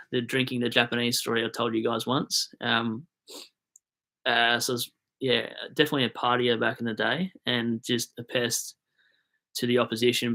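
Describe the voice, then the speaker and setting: A young Australian man hosts a livestream, telling rambling footy stories, reading the chat aloud and swearing casually. His medium-pitched voice sounds pushed and bright.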